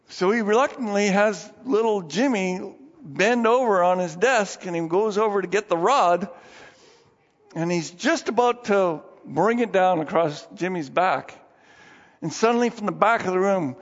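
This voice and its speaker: High-voiced man preaching in an echoing hall. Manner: animated, folksy storytelling. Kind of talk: sermon storytelling. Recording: dull sound with long hall reverb.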